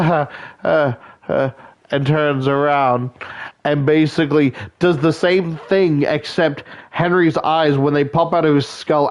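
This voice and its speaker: A young man chatting casually late at night, tired and loopy, rambling and self-mocking, filling his talk with "like" and "right?". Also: fairly high pitch. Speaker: gaming video creator.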